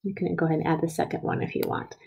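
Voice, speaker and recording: A woman talks young children through writing a sentence word by word. She is slow and patient and stretches each sound out. Her tone is mellow, with a bit of gravel at the ends of her phrases. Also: deep voice, little pitch movement. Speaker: teacher. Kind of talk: early reading and writing lesson.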